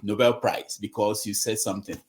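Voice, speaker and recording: A man's voice: lowish voice, level tone, a little fast. A man hosting an online call-in forum, scolding callers in an exasperated, moralizing way. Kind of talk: lecturing call-in talk.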